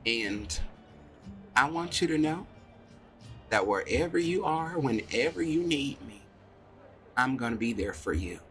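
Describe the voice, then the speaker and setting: A man's voice: medium pitch, expressive, unhurried, pauses often, bright, forceful tone, faint music behind. A man voicing a doting, tearful motherly woman in a tabletop game, pleading and emotional. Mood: tender, earnest. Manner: pleading, emotional, sobbing outbursts. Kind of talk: tabletop role-play character voice.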